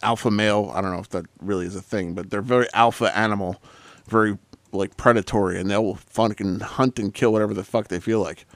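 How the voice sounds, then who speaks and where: A man hosting a casual podcast chat, talking in an animated, profane way and laughing loudly. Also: on the low side, a little fast, dry recording. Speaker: host, paramedic.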